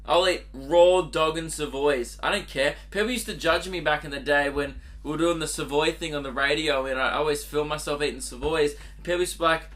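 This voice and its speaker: A young man talks alone into his podcast mic, rambling and giggling through crude stories. His voice sits a little high for a man and rings bright and forceful. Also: fairly quick, few pauses. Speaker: podcast host. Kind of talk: casual solo podcast monologue.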